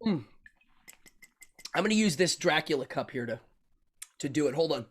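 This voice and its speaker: A man guesting as a magician and ventriloquist, telling stories in an animated way and laughing often. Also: a little high, normal speed. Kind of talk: casual interview chat.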